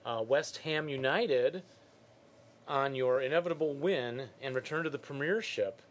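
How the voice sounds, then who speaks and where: A man's voice: mid-range voice, a little slow, very noisy. Dry, teasing male podcast co-host. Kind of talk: casual chat reading listener mail.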